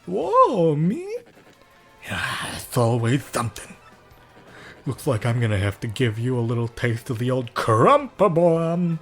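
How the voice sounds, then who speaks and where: A man's voice: medium pitch, soft background music, natural voice. Lord Crump, a man doing a sneering villain boss. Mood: indignant. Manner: bossy, sneering, drawn-out threats. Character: pompous scheming male villain commander.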